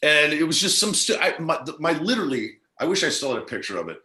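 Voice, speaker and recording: A man's voice: fairly high pitch, very animated, fast talker, bright, forceful tone. A middle-aged man from New Jersey, a guest on an interview show, telling a long rambling story and acting out the quoted lines.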